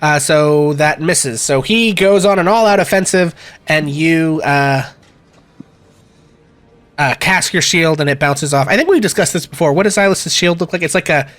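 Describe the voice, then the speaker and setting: A man running a tabletop game as game master, talking in a relaxed way with many fillers. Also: fairly high pitch, normal speed.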